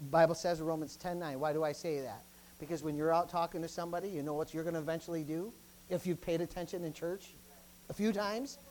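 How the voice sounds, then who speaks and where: A man preaching a sermon as pastor, emphatic and repetitive, often calling out interjections between points. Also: poor audio. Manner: lively, swinging between loud bursts and low asides.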